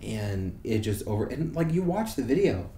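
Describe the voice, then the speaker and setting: A man's voice: lowish voice, big pitch swings, moderate pace, dark tone. A young man hosting a casual podcast, rambling and swearing with many restarts and fillers. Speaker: podcast host. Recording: echoey room with faint hiss.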